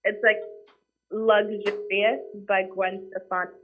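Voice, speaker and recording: A woman's voice: mid-range voice, flat delivery, slow, music in the background. Twenties woman caller, casual and giggly, heard over a thin phone line. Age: 20s. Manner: casual, giggly, heavy use of "like".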